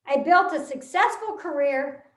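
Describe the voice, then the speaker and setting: A woman from Texas giving a humorous storytelling speech, with an animated, punchline-driven delivery and deliberate pauses. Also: high voice, echoey room. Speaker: contest speaker.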